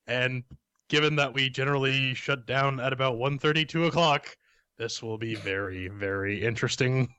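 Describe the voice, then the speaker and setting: Canadian guy co-host, bright edgy voice, rambly jokes, dry mic. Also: mid-range voice, moderate pace, clean tone, no echo. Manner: rambling, joking, repeats words. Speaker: podcast co-host. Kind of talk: casual podcast banter.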